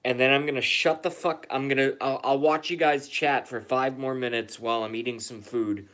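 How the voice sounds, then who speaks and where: A man's voice: mid-range voice, steady tone, normal speed, fairly bright tone. A man chatting casually on his live stream, rambling, sarcastic and profane, often repeating himself.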